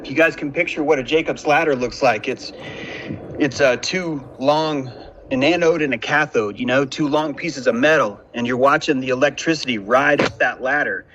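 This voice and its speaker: A man's voice: medium pitch, moderate pace, a bit bright, dull audio, slight background noise. A man hosting a casual podcast conversation, talking in intense, philosophical monologues from a home room. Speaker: podcast host.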